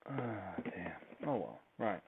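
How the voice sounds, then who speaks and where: Low-voiced man rambling and swearing. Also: sing-song, slow. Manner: swears freely, wanders off topic. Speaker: podcaster. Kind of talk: casual rambling chat. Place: home, tidying a child's toys. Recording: tinny phone-like recording with faint hiss.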